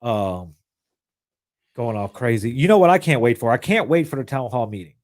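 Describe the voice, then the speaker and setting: A man co-hosting a podcast in casual political chat, blunt and profane and quick to jump in. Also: medium pitch, big pitch swings, darkish tone. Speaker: podcast co-host.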